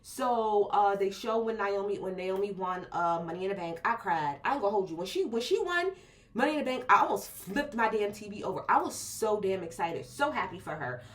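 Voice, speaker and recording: A woman's voice: medium pitch, lively intonation, fairly quick, fairly bright tone. A woman reviewing a wrestling show in a casual, blunt and profane video rant, full of slang.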